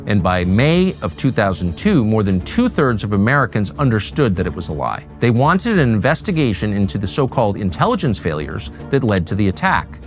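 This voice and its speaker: A man giving scripted documentary narration in a measured, pointed delivery. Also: lowish voice, sing-song, faint music behind.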